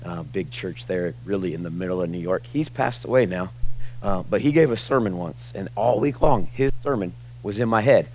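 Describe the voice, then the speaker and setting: A man's voice: low-pitched, moderate pace, a little mellow, slight background noise. A pastor in his forties preaching a sermon to his congregation in a casual, conversational way, often saying "like" and "y'all". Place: church sanctuary with a congregation.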